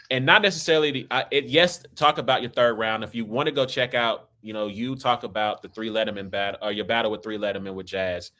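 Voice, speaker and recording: A man's voice: mid-range voice, sharp tone. A man from Kansas City with an American accent, hosting a casual talk in a loose, rambling way and tagging his points with "right?" and "man.". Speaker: podcast host. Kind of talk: casual conversation.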